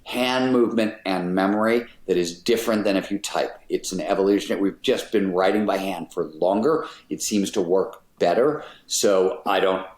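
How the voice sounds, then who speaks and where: A man's voice: low-pitched, moderate pace, few pauses, a little mellow. A middle-aged man, a podcast guest, explaining his ideas in an emphatic, casual way, with an occasional swear word. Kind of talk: casual interview talk. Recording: roomy echoey sound.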